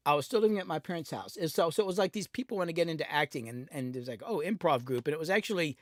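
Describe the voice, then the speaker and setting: A man's voice: on the high side, fairly bright tone, no echo, studio quality. A middle-aged man, telling rambling, self-deprecating stories in a casual rant and acting out the voices in them. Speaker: music producer and channel host.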